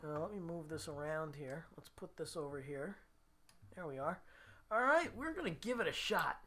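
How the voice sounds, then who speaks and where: A man's voice: fairly high pitch, expressive, moderate pace, bright, forceful tone, a little hiss or hum. A man hosting his weekly live guitar stream, chatting casually with viewers, laughing at himself and reading out their comments. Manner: chatty, self-deprecating, laughs often, reads viewer comments aloud. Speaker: livestream host and guitarist.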